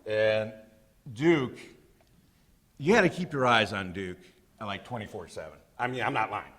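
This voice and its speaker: A man telling comic stories to a live audience, with an animated, self-deprecating, folksy manner, on a handheld mic in a hall. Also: on the low side, measured pace. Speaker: storyteller speaker. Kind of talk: comic storytelling presentation.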